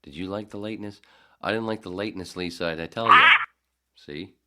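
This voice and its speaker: A man hosting a podcast, telling a story casually with lots of swearing and acting out his own shouting. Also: deep voice, fairly quick. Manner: profane, animated, acts out his own shouting. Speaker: podcast host.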